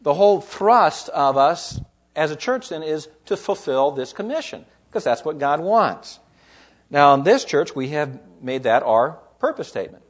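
A man's voice: on the high side, big pitch swings, unhurried. A man, a pastor preaching a sermon, explaining scripture in an emphatic, teaching way.

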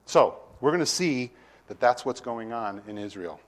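Working verse by verse through a passage, this male preacher keeps his sermon conversational, posing questions to the congregation and building emphasis whenever he reads scripture. His mid-range voice is animated and moderately paced.

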